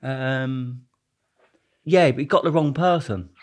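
A man's voice: mid-range voice, slow pace. A young Englishman, a podcast guest telling stories in a rambling, laughing way with many restarts. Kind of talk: casual storytelling.

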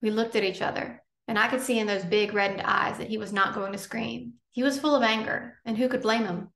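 A woman narrates an audiobook in a measured, unhurried way. Her voice sits a little high and carries a gravelly fry. The recording has a roomy echo. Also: steady tone, fairly bright tone.

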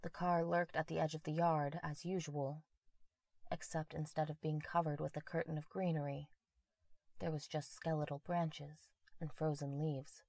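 A woman narrating a horror story in a measured, quiet, intimate way on a close mic. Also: low-pitched, level tone, gravelly, dry recording.

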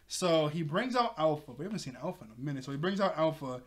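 A man with a slightly higher voice recaps a cartoon episode in loose, casual chat. He is excitable and chatty, piles on filler words and breaks into laughs often. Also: fast, hardly any pauses.

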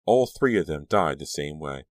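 Man voicing a menacing middle-aged woman, soft and insistent, low voice. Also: normal speed, no room sound, studio quality. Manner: soft, steady, coldly insistent.

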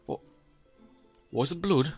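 A man doing excitable game commentary, humming sound effects and theme music as he plays. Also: on the high side, a little slow, slightly rough. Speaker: let's play gamer.

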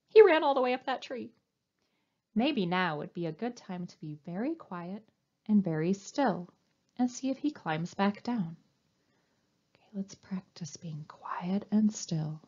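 Lively sing-song woman reading to children. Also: medium pitch, measured pace, lo-fi sound. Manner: animated, sing-song, coaxing. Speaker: children's librarian. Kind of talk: storytime read-aloud.

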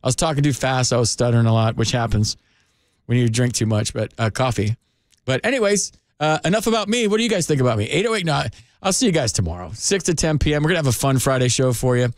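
A man hosting a sports radio call-in show, talking loosely and chattily with quick restarts, on a studio microphone. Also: mid-range voice, animated, dry recording. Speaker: radio sports talk host. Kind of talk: casual radio chat.

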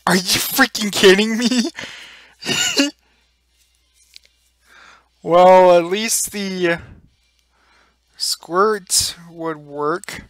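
A young gamer giving casual, excitable gameplay commentary, exclaiming and laughing often. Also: medium pitch, extremely slow, long pauses, no room sound.

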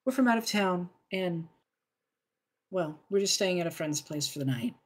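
A woman voicing an evasive female stranger who speaks low, hushed and apologetic in a tabletop game. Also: expressive, moderate pace.

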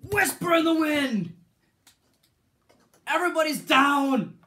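A man doing excited play-by-play commentary for a figure wrestling show, bursting into shouted calls and putting on a ring announcer's delivery. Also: very high voice, takes it slowly.

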